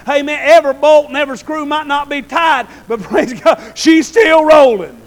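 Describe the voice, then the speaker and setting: Male preacher with a very high voice, folksy and animated, calls out for amens, shifts from murmur to shout. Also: normal speed, slight background noise, poor audio. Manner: folksy, animated, keeps asking the congregation "Amen?"; swings between quiet asides and loud shouted bursts. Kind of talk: sermon.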